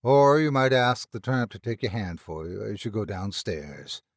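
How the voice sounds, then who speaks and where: A man voicing Meagle, a boisterous, teasing young man who grows sharp and urgent, in a read-aloud horror story. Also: lowish voice, expressive, normal speed, no room sound, clean studio sound. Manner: hearty, teasing, rising to sharp.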